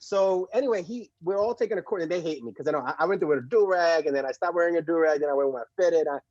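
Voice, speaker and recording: A man from Puerto Rico, guest on a podcast, telling stories in animated casual talk with frequent laughs and repeated words. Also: on the high side, rapid-fire, no room sound, highs cut off. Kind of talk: casual conversation.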